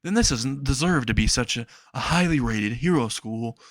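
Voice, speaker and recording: A pompous, rule-obsessed teenage boy in a fan-made spoken story, as a man puts him on. He lectures and accuses in a stiff, preachy way, in a plain mid-pitched voice. The recording sounds dry and close. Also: lively intonation, normal speed, no room sound, close to an everyday voice. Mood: lecturing.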